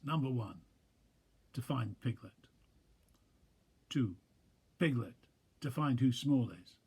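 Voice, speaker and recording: Husky man reading a kids' storybook, gentle chatty asides. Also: medium pitch. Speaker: pastor.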